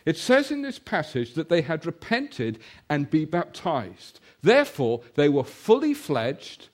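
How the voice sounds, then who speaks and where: A man preaching a sermon, telling a personal story and then reading scripture, slowing down to stress key points. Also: fairly high pitch. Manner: animated storytelling, slows for emphasis.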